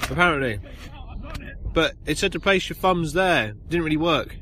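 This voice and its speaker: Brief: male co-host, fairly high voice, dry jokey delivery, recorded in a tent with faint background noise. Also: expressive, normal speed, pushed and bright. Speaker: podcast co-host. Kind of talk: casual chat. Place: inside a small tent outdoors.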